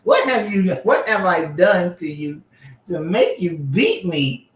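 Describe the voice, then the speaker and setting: A man voicing a bewildered talking male donkey that pleads in a slow, whiny, high-pitched way. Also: lively intonation, echoey room. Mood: pleading.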